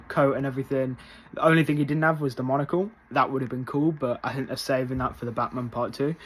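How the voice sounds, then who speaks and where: A man giving a casual spoiler review, rambling with lots of fillers and bursting into loud excitement. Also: mid-range voice. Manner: rambling, many fillers, gets loudly excited.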